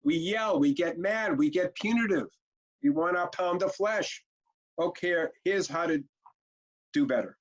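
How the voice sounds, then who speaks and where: A man's voice: high-pitched, a little slow. A man presenting a parenting training webinar, talking directly and bluntly to his audience and now and then acting out parent and child exchanges. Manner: direct, punchy, acts out parent and kid exchanges. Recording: muffled lo-fi webinar audio.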